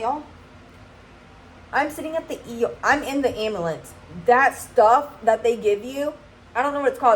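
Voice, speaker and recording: A woman's voice: medium pitch, rough recording. A young woman tells a story in a casual vlog. She is chatty and keeps checking in with her viewers. There is faint noise in the background. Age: 20s. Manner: chatty, keeps asking "okay?". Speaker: vlogger.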